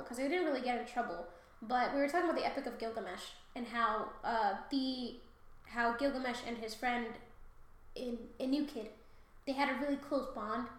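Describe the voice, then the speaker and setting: A woman's voice: on the high side, heavy reverb. A woman co-hosting a podcast in casual chat, loose and profane, laughing often. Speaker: podcast co-host.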